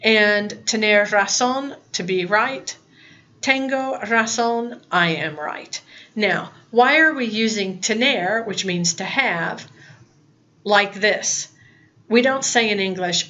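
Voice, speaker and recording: A woman's voice: mid-range voice, slow, bright, forceful tone, dull audio. A woman in her fifties teaching a recorded Spanish lesson, plain-spoken and chatty, with asides. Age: 50s.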